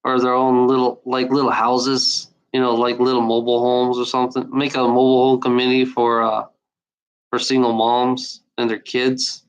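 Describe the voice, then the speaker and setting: A man vents in a loose, unscripted video rant. He speaks bluntly and swears often, stumbling through restarts and fillers. His voice sits at an ordinary middle pitch. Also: monotone, moderate pace, clean tone, lo-fi sound. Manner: blunt, profane, repeats himself with many fillers. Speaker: video maker.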